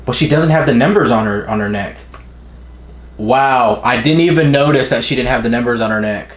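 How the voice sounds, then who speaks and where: Casual young man with an echoey room sound. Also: mid-range voice. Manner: casual, profane, forgetful of names, reads panels in quick put-on voices. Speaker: manga reaction streamer. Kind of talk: casual live reaction, reading aloud.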